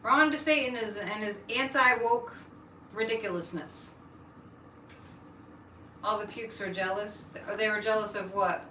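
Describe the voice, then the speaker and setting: A woman's voice: mid-range voice, a little slow, pauses often, pushed and bright, far from the mic, a little hiss or hum. A woman hosting a psychic livestream, chatting with viewers and launching into political rants. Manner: chatty, ranting political asides. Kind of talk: live-stream chat, reading comments. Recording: echoey room, mic set back.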